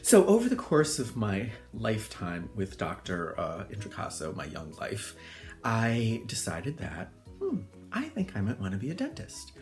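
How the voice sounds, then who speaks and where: An older man from Connecticut tells personal stories in a loose, rambling way, full of ums and likes. His voice sits very low but swings widely, and soft music plays faintly behind him. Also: wildly swooping pitch, normal speed. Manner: chatty, rambling, full of fillers, acts out voices in high squeals. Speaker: hairdresser. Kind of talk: casual storytelling monologue.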